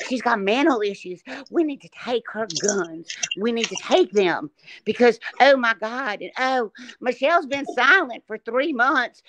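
Woman doing a sanctimonious northern church lady, sing-song preaching, hushed and a touch higher. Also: no echo. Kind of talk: mocking impression on a livestream.

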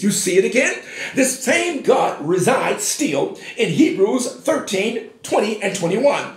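A man preaching a sermon as pastor, with emphatic declarations and rising shouts. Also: high voice, big pitch swings, normal speed, reverberant.

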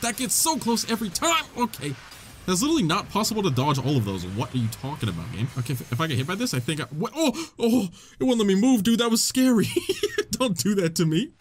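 A young man giving excitable let's play commentary, laughing, swearing and reading the dialogue aloud. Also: high-pitched, quick pace, slight background noise. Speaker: gaming YouTuber. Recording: faint game music behind. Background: faint game music.

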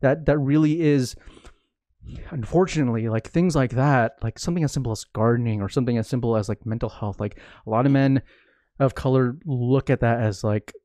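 A man hosts a casual podcast chat, circling his point with frequent "like"s and restarts. His voice sits at a middling pitch. The sound is dry and close, with no room echo. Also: fairly quick, dark tone. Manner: rambling, many "like" fillers and restarts. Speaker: podcast host. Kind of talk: casual conversation.

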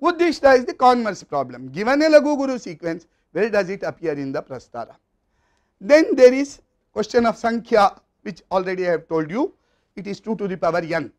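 A man with an Indian English accent giving a university lecture, explaining step by step in a methodical way. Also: high voice.

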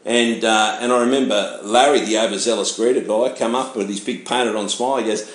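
A man, a pastor giving his testimony in animated storytelling, acting out the voices of people he met. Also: on the low side, brisk, few pauses. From Australia. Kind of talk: personal testimony sermon. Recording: echoey room.

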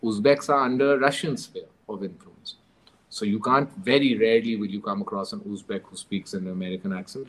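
Animated man telling stories. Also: on the low side, low-quality recording. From Pakistan. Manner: animated storyteller, mixes in Urdu phrases; laughs while telling grim stories. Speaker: guest author. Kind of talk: storytelling interview.

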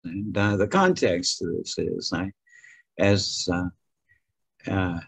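A man speaking as a guest in a casual video-call interview, rambling and hesitant with many pauses and fillers. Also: low-pitched, creaky, slightly rough, no echo. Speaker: guest author.

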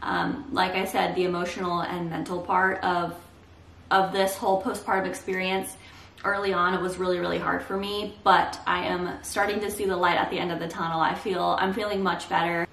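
A woman's voice: fairly low pitch, gravelly, a bit bright, distant mic. A young woman talking candidly and reassuringly to camera in a casual vlog. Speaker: vlogger. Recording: roomy echo, a bit off the mic.

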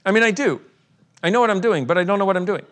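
A man's voice: high voice, expressive, very fast. A man leading a live workshop for an audience, irreverent and playful, joking, swearing and laughing as he talks. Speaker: workshop facilitator.

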